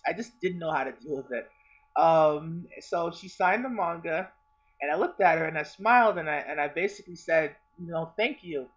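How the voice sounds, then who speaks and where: A man's voice: on the high side, fairly bright tone. A young man vlogging a personal story, rambling and stammering, repeating himself and swearing a lot. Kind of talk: casual storytelling.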